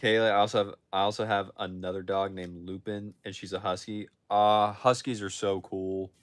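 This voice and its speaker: A man's voice: fairly low pitch, little pitch movement, moderate pace. A young man chatting casually on a livestream from his phone, answering viewer questions with frequent restarts and self-corrections. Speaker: livestream host answering chat.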